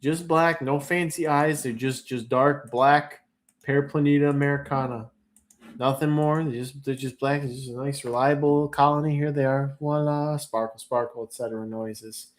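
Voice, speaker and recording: A man's voice: mid-range voice, steady tone, moderate pace. Playful man hosting a live auction. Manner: playful, jokey, chats while sorting and labeling. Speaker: livestream auction host. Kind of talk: casual live auction stream chat.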